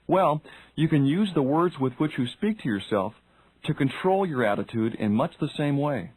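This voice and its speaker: A man's voice: on the high side, lively intonation, normal speed, breathy edge, no echo, low-quality recording. A man reading a self-help audiobook, speaking directly to the listener and asking questions. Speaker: audiobook narrator. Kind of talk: scripted self-help narration.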